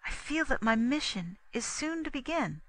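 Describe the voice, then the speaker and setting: A woman voicing a gentle, devout young nun in an audiobook, speaking softly and slowly with reverence. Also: sits high, sing-song, dry recording, pitched above the performer's own voice, full character voice, rough recording. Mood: serene. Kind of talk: audiobook reading.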